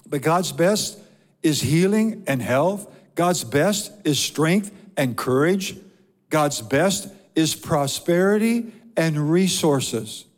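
A man's voice: fairly high pitch, darkish tone, long reverb tail. A man preaching a sermon as pastor, reading scripture and building repeated lists of blessings. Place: church sanctuary.

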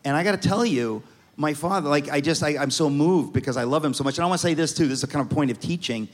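A middle-aged man from New York telling funny family stories on stage, animated and comic, often restarting his sentences. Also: on the high side, quick pace. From New York, USA. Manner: animated, comic, self-interrupting. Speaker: guest speaker. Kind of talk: storytelling on stage. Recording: reverberant hall.

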